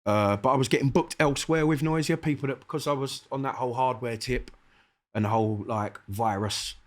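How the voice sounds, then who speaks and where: This brisk, medium-pitched speaker is a middle-aged guest MC from South London with the accent to match. Chatting casually in an interview, he spins energetic, profanity-laced stories and voices each character's lines.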